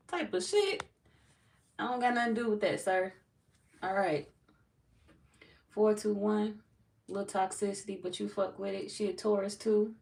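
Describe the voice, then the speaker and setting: A woman's voice: mid-range voice, far from the mic. A woman reading tarot on a livestream, chatting loosely with viewers, reading their comments aloud and laughing often. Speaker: tarot reader greeting live chat. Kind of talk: casual livestream chat.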